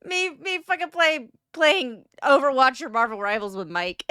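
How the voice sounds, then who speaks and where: A woman's voice: sits high, very animated, moderate pace, pushed and bright, clear, resonant tone, no echo, clean studio sound. A woman streamer reacting to a video in casual, profane chat, exasperated and often laughing.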